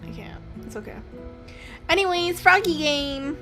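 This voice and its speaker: A woman's voice: high voice, animated, measured pace, sharp tone, faint music behind. A woman in her twenties casually playing a game, reading its text aloud and giggling often. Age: 20s. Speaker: gaming streamer. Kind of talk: casual let's-play commentary.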